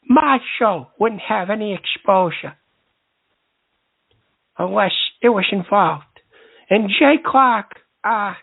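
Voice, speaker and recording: A man's voice: high-pitched, vocal fry. A male host of a call-in advice show, combative and rambling, trading insults with callers. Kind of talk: call-in radio show hosting. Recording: lo-fi phone-like line.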